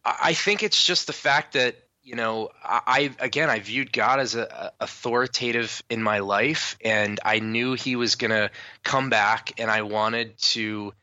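A man recalling his religious upbringing in an interview, earnest and halting, often restarting his sentences. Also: mid-range voice, bright, forceful tone, no echo, dull audio. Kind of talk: candid personal recollection.

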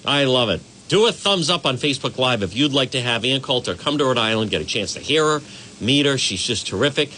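A man's voice: mid-range voice, expressive, a little fast, pushed and bright, slight background noise. A man hosting a morning radio talk show, boisterous and exuberant, greeting listeners by name.

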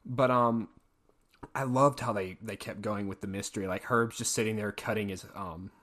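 A man's voice: fairly low pitch, steady tone, moderate pace, a bit bright. A man hosting a casual podcast, skeptically quizzing his co-host and chuckling between points.

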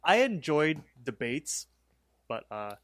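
A man's voice: on the high side, very animated, takes it slowly, fairly bright tone, dry recording. Man rambling through a cartoon recap, dry. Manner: rambling retelling full of "like" and "um". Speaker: podcast co-host. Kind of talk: casual episode recap.

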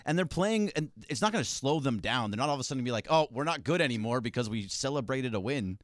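A man's voice: mid-range voice, lively intonation, fast talker, dry recording, clean studio sound. A man co-hosting a sports talk radio show, answering bluntly and teasing the host. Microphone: studio microphone.

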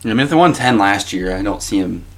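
A man speaking as a guest in a casual sports chat, dropping quick joking asides. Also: lowish voice, expressive. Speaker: podcast guest.

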